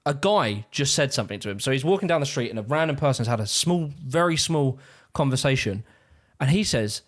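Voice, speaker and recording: A man's voice: medium pitch, lively intonation, brisk. A man ranting sarcastically in exasperated, profane commentary on a video he is watching. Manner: sarcastic, exasperated, swears freely. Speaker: YouTube reaction commentator.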